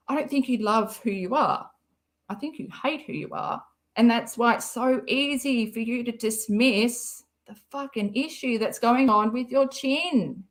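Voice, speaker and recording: A woman talks at an unhurried, drawn-out pace in a fairly high voice. She hosts a casual live stream, rambling and mocking with a sarcastic edge. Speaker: live-stream commentary host.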